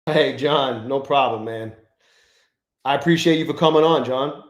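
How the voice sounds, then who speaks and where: A man's voice: mid-range voice, normal speed. A young man hosting a live trading stream, chatting loosely and profanely while he greets viewers from the chat by name. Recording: echoey room.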